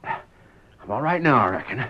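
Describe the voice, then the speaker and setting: An actor playing a lazy, sly small-town loafer with a folksy drawl and rustic slang, heard on a muffled old radio broadcast. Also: male voice, medium pitch, very animated, unhurried, a little hiss or hum. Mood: earnest.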